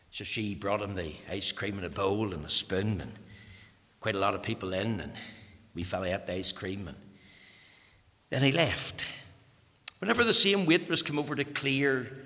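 Bright-voiced preacher in a reverberant hall. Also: male voice, on the low side. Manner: swings from hushed whispers to loud fervent emphasis. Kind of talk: sermon. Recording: long reverb of a large hall.

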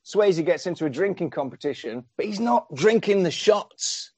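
A man's voice: high voice, expressive, a little mellow, husky, no echo. A man co-hosting a podcast, casually and swearily recapping a film's scenes with a joking tone. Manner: sweary, jokey, retells scenes with quick put-on quotes. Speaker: podcast co-host. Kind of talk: casual film recap chat.

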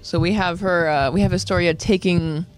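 A woman's voice: on the low side, fairly even intonation, normal speed, soft background music. A woman co-hosting a podcast, chatting about an anime and often searching for her words. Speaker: podcast co-host. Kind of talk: casual anime discussion.

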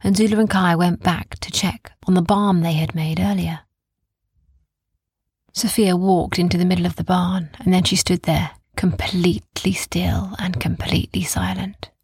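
A woman reads a bedtime story slowly and soothingly, often dropping to a whisper. Her voice is very husky and gravelly, a little low in pitch. The recording is dry and close, with no room around it. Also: no echo. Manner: slow, calm, gentle, repeating soothing phrases. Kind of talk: soft bedtime story narration, partly whispered.

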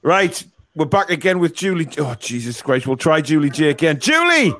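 A man's voice: fairly high pitch, a little fast. A man hosting a casual quiz on a live stream, swearing and teasing the callers as he reads the questions. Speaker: quiz host.

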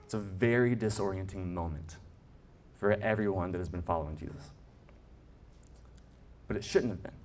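This pastor has a low, somewhat mellow voice and speaks at normal speed, pausing often during his sermon. Earnest throughout, he rises to emphatic high points and stumbles over restarts.

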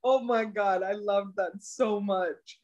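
A young woman co-hosting a podcast, chatting in an animated way and ranting with laughter. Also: mid-range voice, slow pace, muffled recording. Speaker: podcast co-host. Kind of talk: casual chat.

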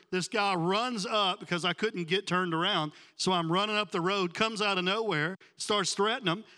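Animated pastor telling a story. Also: male voice, high voice, long reverb tail. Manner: animated storyteller acting out quoted voices. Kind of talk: storytelling sermon.

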